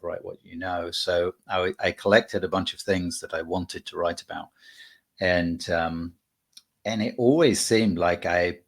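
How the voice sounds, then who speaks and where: A middle-aged male author in a casual interview, talking in a halting way with many fillers and restarts. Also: low voice, fairly bright tone. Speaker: author guest.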